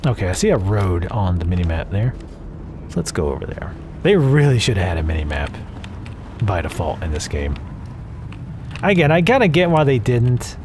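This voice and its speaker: A man's voice: fairly low pitch, big pitch swings, normal speed, pauses often, darkish tone, a little hiss or hum. A man from the American South with a Southern accent, giving casual, profane, sarcastic commentary on a game. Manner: sarcastic, profane, rambling asides. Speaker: gameplay commentator. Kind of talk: casual let's play commentary. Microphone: desk mic at home.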